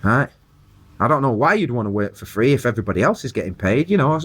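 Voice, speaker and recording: Ranting man, lively pitch. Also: fast talker, slightly rough. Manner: preachy, fires rhetorical questions at viewers. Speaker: vlogger. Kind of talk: impassioned rant to camera.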